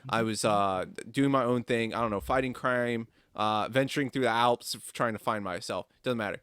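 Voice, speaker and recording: A man's voice: mid-range voice, moderate pace, fairly bright tone, clean tone, dry recording, clean studio sound. A man hosting a casual podcast, talking in a playful, mock-formal way. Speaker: podcast host.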